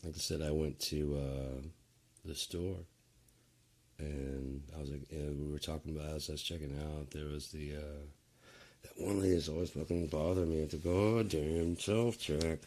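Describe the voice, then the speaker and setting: A man's voice: extremely low pitch, steady tone, moderate pace, darkish tone. A man rambling casually on a stream, drawling and profane, with sentences that trail off and restart.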